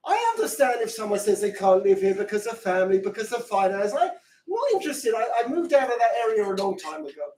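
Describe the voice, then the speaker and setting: A middle-aged man teaching an impassioned Torah class, firing off rhetorical questions and breaking into shouts, recorded in a classroom from a distance. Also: high-pitched, sing-song, quick pace. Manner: fervent, many rhetorical questions, bursts into shouting. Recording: echoey room from far off.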